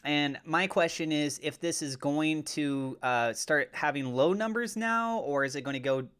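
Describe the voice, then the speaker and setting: A man hosting his own cryptocurrency channel, chatting casually and getting excitable as he watches prices move. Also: a little high, unhurried, clear, resonant tone. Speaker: crypto YouTuber. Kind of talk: casual commentary to camera.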